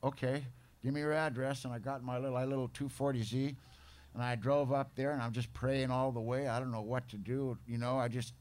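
A middle-aged man shares his story at a recovery meeting in loose, slangy everyday speech. His voice sits at an ordinary middle pitch, and he slips into other people's lines to act them out as he talks. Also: flat delivery, brisk, a little mellow. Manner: casual slangy talk, acts out others' lines. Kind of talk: personal testimony storytelling.

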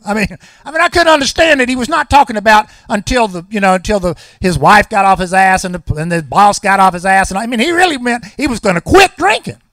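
A man's voice: sits high, expressive, fast, fairly bright tone, no echo, studio quality. A man, telling a personal recovery story at a meeting with folksy, wry humor.

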